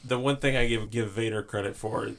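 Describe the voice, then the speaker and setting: A man's voice: lowish voice, fairly even intonation, creaky, a crowd in the background. Joking man in casual podcast chat. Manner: joking, quick asides. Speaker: podcast co-host.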